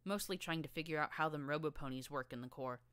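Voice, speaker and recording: A woman voicing a tough, streetwise young filly gang leader with a rough rural drawl and a blunt, slangy manner. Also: low voice, fast, a bit bright, no room sound.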